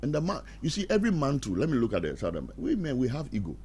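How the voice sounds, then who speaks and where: A middle-aged man talks about marriage in a preacher's manner, with a pitch that swings up and down as he acts out little domestic quarrels. He speaks at a middle pitch with plenty of lift. There is a faint hiss behind him. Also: quick pace. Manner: animated, acts out quarrels in put-on voices, laughs at own jokes. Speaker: pastor guest on radio talk show. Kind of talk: preachy marriage advice talk. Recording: faint background noise.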